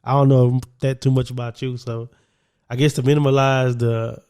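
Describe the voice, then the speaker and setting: A young man co-hosting a casual podcast chat, animated and quick to laugh. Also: medium pitch, smooth. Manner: animated, laughs often, drops into his own self-talk. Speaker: podcast co-host.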